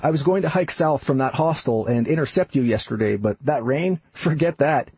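A man's voice: mid-range voice, expressive, normal speed, a little mellow, slightly rough, no echo. A man voicing an easygoing male hiking buddy with a Boston accent, talking bluntly and matter-of-factly.

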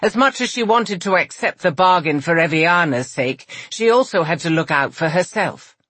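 A woman narrating a romance audiobook with a measured, expressive reading. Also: lowish voice, slightly rough, no room sound.

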